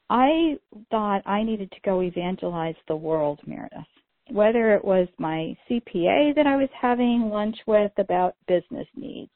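A woman's voice: mid-range voice, no room sound. A middle-aged woman co-hosting a podcast, telling stories in a chatty way with lots of "you know" fillers. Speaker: podcast co-host. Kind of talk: casual podcast conversation. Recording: dry, phone-like narrow sound.

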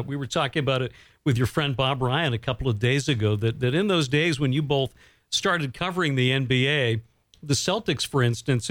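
A man's voice: mid-range voice, a bit bright, no echo. A male radio host prompting his guest with questions and laughing along. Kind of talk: interviewing.

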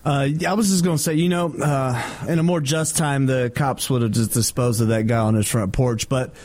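A man's voice: mid-range voice, steady tone, moderate pace, darkish tone, no echo. A man with an American accent co-hosting a radio talk show, chiming in hesitantly with a lot of fillers. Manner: hesitant, filler-laden interjections. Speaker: radio co-host.

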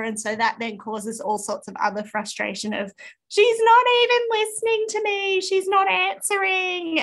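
An Australian woman in her thirties chats on a podcast in a fairly high voice. She tells stories with animation and jumps into her children's whiny voices as she goes. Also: fairly bright tone. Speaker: podcast co-host. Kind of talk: casual chat.

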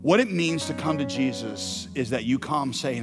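A male pastor preaching to his congregation in a mid-pitched voice. His storytelling swings from quiet passages to loud, emphatic ones, with music playing behind him. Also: lively intonation, moderate pace. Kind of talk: sermon.

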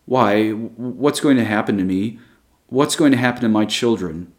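A man's voice: fairly low pitch, moderate pace, lightly acted. A man reading aloud voices a frightened older woman teacher who stammers and falters. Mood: faltering. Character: frightened old woman teacher, grey and trembling.

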